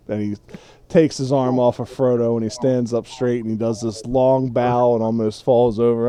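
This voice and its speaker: A man narrates a tabletop game as its game master, in a relaxed and rambling way. His voice is mellow and mid-pitched, and he drifts through asides and fillers. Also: moderate pace, clean tone.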